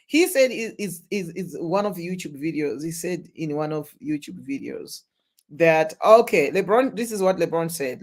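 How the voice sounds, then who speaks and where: A live-stream host reacting to news and reading out viewer chat, halting with many restarts and sudden loud exclamations. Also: medium pitch.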